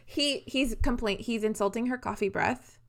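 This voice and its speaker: A young woman co-hosting a casual book-club podcast who rants in an animated way and swears freely. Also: on the high side, normal speed. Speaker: podcast co-host.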